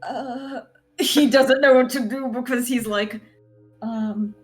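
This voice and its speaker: A woman's voice: fairly high pitch, fairly even intonation, slow pace, faint music behind. A woman playing a tabletop game, describing her character with giggles and hesitant fillers. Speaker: player.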